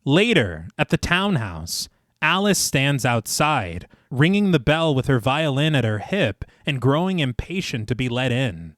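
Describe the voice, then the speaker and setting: A man's voice: mid-range voice, sing-song, unhurried, fairly bright tone, no room sound, studio quality. A man co-hosting a podcast, reading a detailed film recap in a narrating voice and breaking into laughter between passages. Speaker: podcast co-host.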